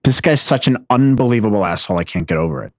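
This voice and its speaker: A man's voice: fairly low pitch, expressive, fast, dry recording. Guy hosting, fed up and mocking, dry dead room sound. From United States. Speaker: host. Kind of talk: sarcastic commentary.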